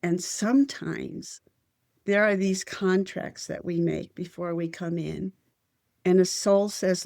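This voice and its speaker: A woman's voice: fairly low pitch, slow pace, darkish tone, no echo, studio quality. An older woman telling a personal spiritual story as an interview guest, earnest and heartfelt.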